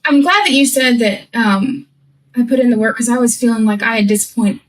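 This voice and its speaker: A woman guest who performs comedy with her sister, chatting casually and quickly with laughing asides. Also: a little high, far from the mic. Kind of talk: casual chat.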